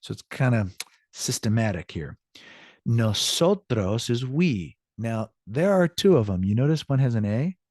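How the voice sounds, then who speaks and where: A man's voice: mid-range voice, big pitch swings, unhurried, darkish tone, dry recording, studio quality. An older man teaching a Spanish class in a chatty, upbeat way. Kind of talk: classroom lesson.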